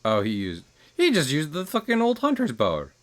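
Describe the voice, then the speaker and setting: A man giving casual, rambling commentary while streaming a game, chuckling at his own jokes and trailing off into quieter asides. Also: a little high, wildly swooping pitch, moderate pace.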